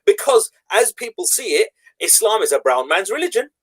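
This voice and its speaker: A man's voice: high voice, sing-song, normal speed, slightly rough. An English man hosting a casual online talk show, rambling with restarts and laughing as he goes. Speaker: show host. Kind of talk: casual debate chat.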